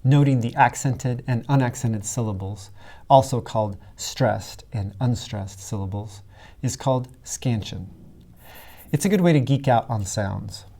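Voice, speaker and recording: A male writing instructor narrates a scripted lesson with a mellow, relaxed tone at a middling pitch. He speaks clearly and deliberately and stresses his example words heavily.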